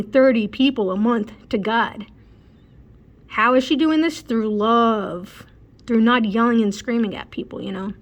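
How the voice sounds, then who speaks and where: Female vlogger, higher pitch, earnest and casual, filler-heavy delivery. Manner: earnest, repeats phrases, frequent fillers like um and you know; mimics preachers in a raised, heated voice. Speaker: spiritual vlogger. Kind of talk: casual spoken reflection to camera.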